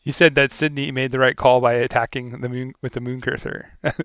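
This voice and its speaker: A man's voice: mid-range voice, little pitch movement, fairly quick, fairly bright tone, clear, resonant tone, no room sound, muffled recording. A man co-commentating a card game tournament in a casual, chatty way, laughing often and using many fillers.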